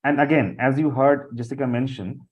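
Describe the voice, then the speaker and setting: A man's voice: medium pitch, steady tone, fairly quick. A man instructs a group over a video call, and the audio comes through dull and lo-fi. He talks off the cuff, circling back with fillers and repeated words as he explains. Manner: loose, repetitive talk with many fillers. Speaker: session instructor. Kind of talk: live online training session.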